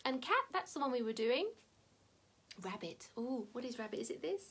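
A woman leading a live-streamed children's singalong, chatting warmly and cheering the kids on. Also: a little high, animated, normal speed, husky. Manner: bubbly, encouraging, talks straight to young children. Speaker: children's music session leader. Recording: loud strummed guitar over the voice.

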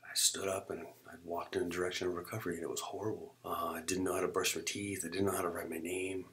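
A middle-aged man with a low voice recounts his own life as a testimony. He tells it dramatically, acts out what people said, and often sinks to a hushed whisper. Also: level tone, fast talker. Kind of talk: personal testimony.

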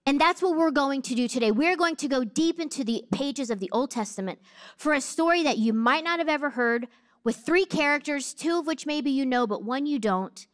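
A woman in her thirties, a pastor, giving a sermon with animated, funny storytelling on a church stage. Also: high voice. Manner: animated storytelling with comic asides.

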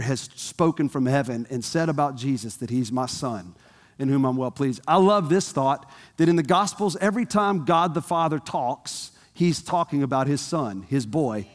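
A man's voice: mid-range voice, normal speed. A man preaching a sermon in a conversational way, asking the congregation questions, recorded in a church. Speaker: pastor. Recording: long hall reverb.

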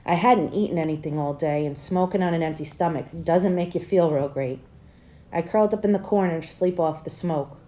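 A teacher reading a novel aloud to her students, with plain narration and livelier, louder dialogue. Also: on the low side.

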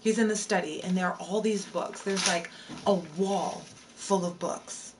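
A woman's voice: on the low side, steady tone, unhurried, background noise. A woman live streamer telling a spooky story in a casual way, repeating lines and breaking off to answer her chat. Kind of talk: storytelling on a livestream.

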